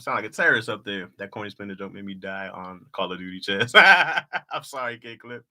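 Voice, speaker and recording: Bright-voiced man laughing at his own jokes. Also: fairly low pitch, animated, fairly quick. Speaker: comedian reading his old jokes to a live chat. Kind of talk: casual livestream chat.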